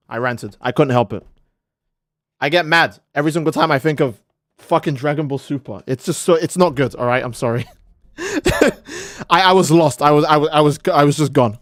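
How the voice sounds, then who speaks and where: A man's voice: a little high, animated, normal speed, long pauses, a bit bright, no room sound, studio quality. A man streaming live, ranting in a heated, profane way and often restarting his sentences. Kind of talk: casual live-stream rant.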